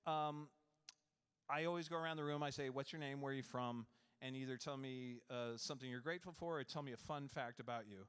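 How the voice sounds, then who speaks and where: A man's voice: medium pitch, brisk, fairly bright tone, smooth. A man talking at a convention panel, chatty and joking with the crowd. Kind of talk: live panel chat. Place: convention hall panel room.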